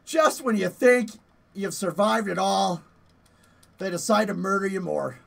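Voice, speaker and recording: A man streaming a horror game, yelling and playfully cursing at enemies, out of breath after push-ups. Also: high-pitched, a little slow, gravelly. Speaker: gaming streamer. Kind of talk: live gameplay commentary.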